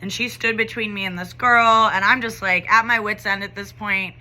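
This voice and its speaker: A woman's voice: medium pitch, fairly even intonation, moderate pace, sharp tone. A young adult woman teacher telling a story in a casual vlog, talking conversationally with lots of "like" and "you know".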